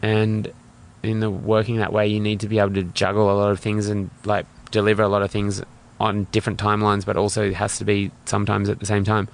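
A man's voice: on the low side, completely flat delivery, fast talker, creaky, few pauses. A young man speaking candidly as an interview guest, rambling and full of fillers. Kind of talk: casual interview talk.

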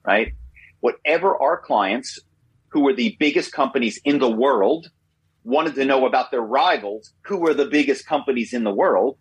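A man in his fifties speaks as an interview guest, with a husky voice at a middle pitch. He talks in an animated way, repeats words and tags his points with quick questions. The sound is dry and close to the mic. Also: no room sound, poor audio. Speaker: guest, former corporate spy. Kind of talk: interview storytelling.

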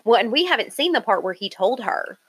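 A woman's voice: fairly high pitch, very animated, brisk, a bit bright, slightly rough, dry recording. A woman co-hosting a casual chat, retelling a reality show in detail.

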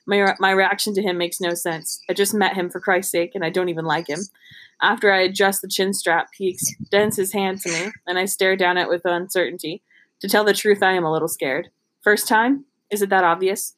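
A woman's voice: medium pitch, steady tone, a little fast, a bit bright. A woman reading a romance novel aloud in a casual, giggly way, stumbling and restarting over words. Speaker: reader.

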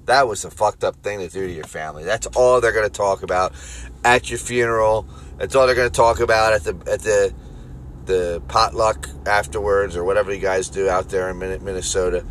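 A man with a Philadelphia accent hosting a solo podcast from his car, rambling crudely and jokingly between loud bursts and mutters. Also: fairly low pitch, steady tone, fairly quick, slight background noise. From Philadelphia area. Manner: rambling, crude, jokey, swings loud and quiet. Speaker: podcast host. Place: car on the road.

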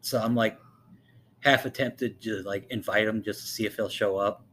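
Chatting casually on his podcast, this young co-host meanders, curses, and leans on plenty of fillers. He speaks at a normal speed with a fairly low, fairly bright voice and fairly even intonation, over a faint hiss or hum.

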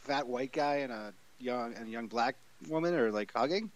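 A man's voice: medium pitch, normal speed, no echo. A man with an ordinary mid-range voice chats casually with a friend. He breaks in with wry, teasing questions and dry jokes. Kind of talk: casual chat.

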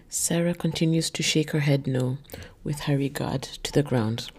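A woman narrating her own written story in a measured, low-key way. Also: a little mellow, slightly rough. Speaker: narrator and author.

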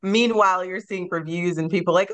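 A woman's voice: lowish voice, fairly quick. A woman author being interviewed on a podcast, speaking in a reflective, sentimental way and laughing easily. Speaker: guest author.

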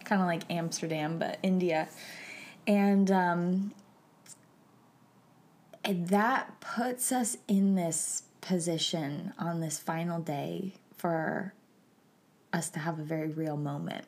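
Soft-spoken slow woman telling a story. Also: fairly low pitch. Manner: soft, often drops to a hushed whisper; chatty, many filler "like"s. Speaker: podcast host. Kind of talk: personal storytelling.

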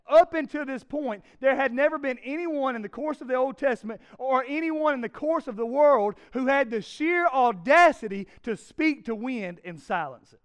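A man in his thirties preaching a sermon, swinging from hushed tones to loud emphasis and asking the congregation rhetorical questions. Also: very high voice. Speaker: pastor.

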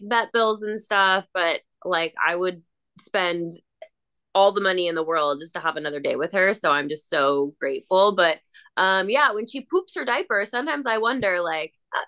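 A woman's voice: lowish voice, moderate pace, sharp tone, clear, resonant tone. A woman, an actress, chatting as a podcast guest in an upbeat, gushing way, acting out little voices in her stories. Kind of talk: casual interview chat.

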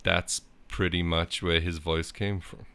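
A man's voice: low-pitched, level tone, a little slow, sharp tone, clean tone. A man co-hosting a podcast, telling music stories in a casual, rambling way with lots of fillers. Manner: rambling, storytelling, many fillers. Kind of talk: casual chat about music.

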